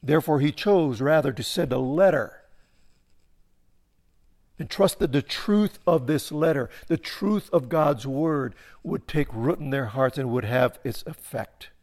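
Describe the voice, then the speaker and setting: A male pastor preaching a sermon who often repeats and restarts his phrases, swinging from emphatic peaks down to quiet, low endings. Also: a little slow.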